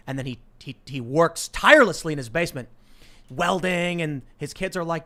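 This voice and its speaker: Male talk host, bright and a little high, animated storyteller. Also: moderate pace. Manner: animated, repeats words when cutting in. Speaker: podcast host. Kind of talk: casual chat and comic storytelling.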